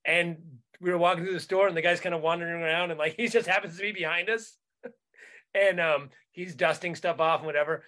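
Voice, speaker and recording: A man's voice: high-pitched, steady tone, brisk, bright, forceful tone. A man co-hosting a comedy podcast, telling rambling anecdotes and laughing through them. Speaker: comedian co-host. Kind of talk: casual podcast storytelling.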